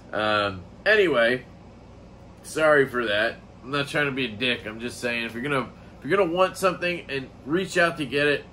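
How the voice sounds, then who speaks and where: A man's voice: a little high, bright, forceful tone, slight background noise. An American man giving a casual, rambling knife review, enthusiastic and profane, with lots of fillers.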